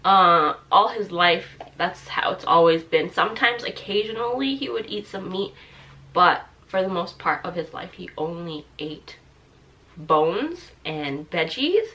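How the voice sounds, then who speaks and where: A young woman in her twenties speaks to camera in a bright voice, halting with fillers and restarts. She sounds tearful and her throat is thick with mucus, so she clears it now and then. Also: fairly low pitch, expressive. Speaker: vlogger. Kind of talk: personal talk to camera.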